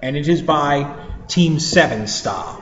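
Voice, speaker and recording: A man's voice: fairly high pitch, expressive, slow, a bit bright, slight background noise. A man hosting a live fan-fiction reading for an audience, speaking in a formal, mock-pompous way. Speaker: panel host. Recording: long hall reverb, dull sound.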